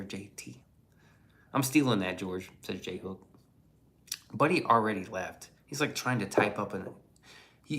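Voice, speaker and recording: A man's voice: on the low side, vocal fry, a bit bright. A man hosting a casual livestream and reading the chat aloud, in a blunt, profane and rambling way.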